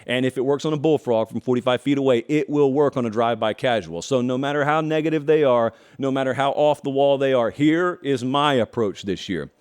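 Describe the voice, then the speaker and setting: A man's voice: medium pitch, fairly quick, few pauses, darkish tone, smooth. A middle-aged man from the American South hosting a show, giving opinionated commentary in a folksy way, stretching words for emphasis and adding wry asides. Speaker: host.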